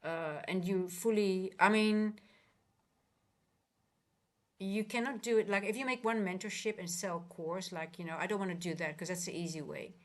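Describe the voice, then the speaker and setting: A woman coaching traders on a casual livestream, talking earnestly and rambling with many restarts. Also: fairly low pitch. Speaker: trading coach and livestream host.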